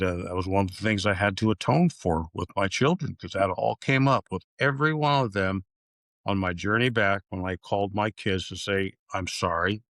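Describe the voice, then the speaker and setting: Give me an older man with a low voice. He speaks candidly and with regret in a faith-based conversation, and the sound is close and dry. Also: dry recording. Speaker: guest.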